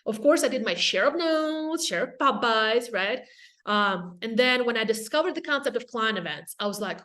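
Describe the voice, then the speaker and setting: A woman from Russia with a Russian accent, giving a casual, energetic webinar talk on real estate, with quick asides to the audience. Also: on the high side. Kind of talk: casual presentation.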